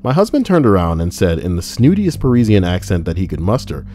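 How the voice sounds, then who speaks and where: A low-pitched man with a dark, mellow tone hosts a live stream, reading online posts aloud. He reads casually and keeps breaking in with playful, mock-dramatic jokes. Soft music plays faintly behind him. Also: wildly swooping pitch, a little fast, hardly any pauses. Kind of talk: casual reading with joking asides.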